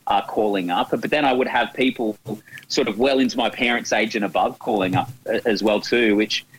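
A man's voice: on the low side, brisk, slight background noise, poor audio. An Australian man in his thirties, a radio presenter, eagerly reminiscing in an interview and often restarting his sentences. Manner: eager, many restarts and repeated words.

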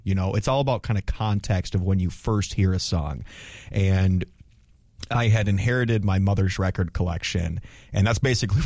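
Low-voiced man, chatty radio DJ. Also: a little mellow, no room sound, studio quality. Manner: rambling, heartfelt, sentimental. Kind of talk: casual on-air chat.

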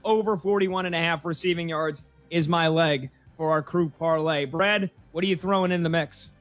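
A man hosting a sports betting talk show, running through stats briskly and leading the segment. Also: on the high side, steady tone, no room sound, faint music behind. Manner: brisk, stat-heavy, leads the segment.

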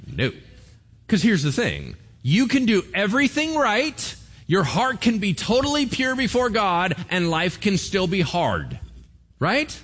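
A man's voice: sits high, a bit bright. A man preaching a sermon in a casual, conversational way, with slang and playful asides. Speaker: pastor.

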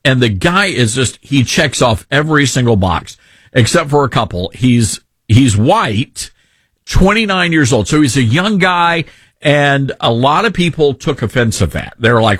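A man's voice: mid-range voice, big pitch swings, unhurried, a bit bright, husky, no echo. A man with a Southern accent hosting talk radio, ranting sarcastically in an opinionated way.

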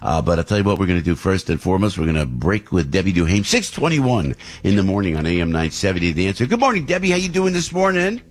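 A male radio host in the studio, talking into the mic in a husky, slightly rough voice. He rambles through his opinions with restarts and asides. His pitch jumps up sharply whenever he gets indignant. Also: sing-song, fast, few pauses. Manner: rambling and heated, voice leaps up when outraged. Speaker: radio talk show host. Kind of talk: opinionated morning radio talk.

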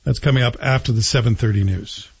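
A man from Canada hosting a talk radio show, delivering an opinionated, combative monologue that climbs in pitch as he gets worked up. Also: quick pace, gravelly, dull audio, heavy background noise. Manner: forceful, combative, rising pitch when worked up.

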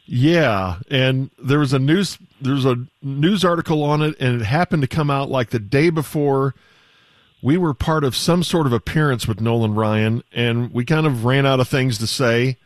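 A male radio host chatting about sports with a guest in a relaxed, joking way. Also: medium pitch, normal speed, no room sound, studio quality.

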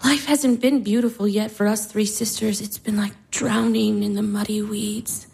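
A wistful twenty-year-old sister. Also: female voice, mid-range voice, fairly even intonation, normal speed, creaky, a little mellow, breathy edge. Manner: wistful, brooding. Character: wistful young sister, restless and sad. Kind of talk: stage drama acting.

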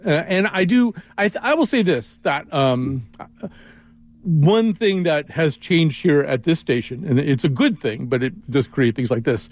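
A man's voice: a little high, expressive, measured pace. A man hosting a radio talk show, rambling and joking, with frequent restarts. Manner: rambling, self-interrupting, jokey. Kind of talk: casual radio chat.

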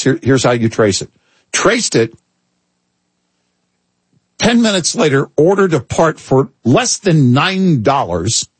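Husky middle-aged man telling wry stories. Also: mid-range voice, dry recording. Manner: animated storyteller, wry. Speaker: radio show co-host. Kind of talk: casual on-air talk.

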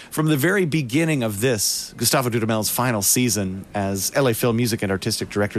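Measured male radio music host. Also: mid-range voice, a little hiss or hum. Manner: measured storytelling with dramatic pauses. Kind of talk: scripted radio narration.

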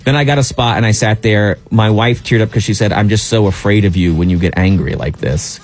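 A man's voice: on the low side, fairly quick. A man hosting a radio show, telling a long personal story in a casual, exasperated way with lots of restarts.

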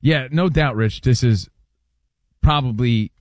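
A man co-hosting a sports radio show, lively and quick to argue a point. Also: medium pitch, no echo, clean studio sound. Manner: lively, argumentative. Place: radio studio.

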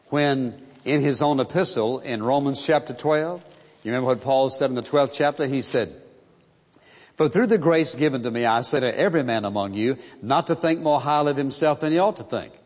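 A man preaching a sermon, slow and emphatic, repeating key phrases for stress. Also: mid-range voice, animated. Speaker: pastor. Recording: muffled sound in a reverberant hall.

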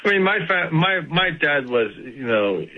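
A man's voice: a little high, big pitch swings, unhurried. A man appearing as a guest on a talk radio show, answering questions in a friendly, earnest way. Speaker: guest, company CEO. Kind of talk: radio interview. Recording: dull lo-fi remote line.

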